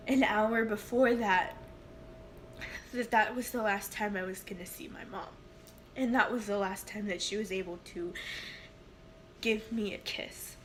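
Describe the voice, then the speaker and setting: A young woman vlogger telling a personal story in a halting, emotional way, with many fillers and restarts. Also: medium pitch, a bit bright, slight background noise.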